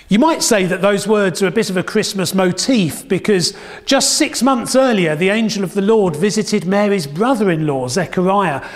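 A man giving a sermon, telling stories with dramatic pauses and a hushed, repeated phrase. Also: sits high. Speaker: preacher. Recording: long hall reverb.

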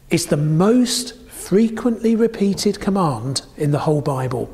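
A man giving a sermon, telling stories with dramatic pauses and a hushed, repeated phrase. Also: on the high side, animated, gravelly. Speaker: preacher. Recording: long hall reverb.

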